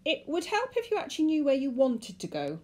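A woman voicing a tired young male ticket clerk, polite and hesitant, pitched well above her reading voice, slightly husky. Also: huge pitch swings, measured pace, exaggerated voice. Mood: nervous politeness.

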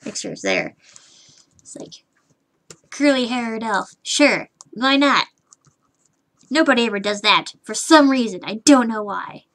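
Higher-voiced woman muttering while she draws. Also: animated, unhurried, pauses often, fairly bright tone. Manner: rambling self-talk, muttering and humming while working; frustrated, swears casually. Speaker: streamer. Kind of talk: live drawing stream chatter.

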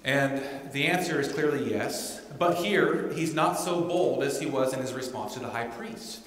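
A man's voice: medium pitch, normal speed, a bit bright. A man preaching a sermon as pastor, in a conversational way that keeps checking in with the congregation. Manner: conversational, often asks "right?". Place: church sanctuary. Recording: echoey church hall.

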